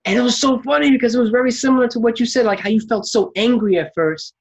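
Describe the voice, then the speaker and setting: A man telling a story in a casual chat, animated and acting out what people said. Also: very high voice, fast, creaky, breathy edge. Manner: animated storyteller, acts out quotes, laughs while telling. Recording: dull lo-fi sound.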